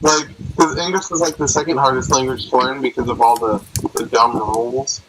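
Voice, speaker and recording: Excitable man over a noisy mic. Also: medium pitch. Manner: excitable, quick interjections. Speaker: friend on call. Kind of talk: casual chat on voice call.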